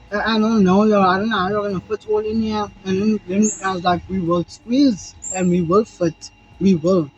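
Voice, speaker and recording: A young South African man telling a rambling, animated story to camera, swearing freely and acting out moments as he goes. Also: sits high. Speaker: vlogger. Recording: dull lo-fi sound with faint music.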